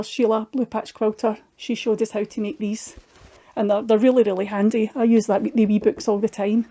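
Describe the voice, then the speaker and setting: A woman's voice: mid-range voice, mellow. A middle-aged Scottish woman chatting casually through her craft projects, homely and full of little restarts. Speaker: craft vlogger. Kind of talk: casual show-and-tell chat.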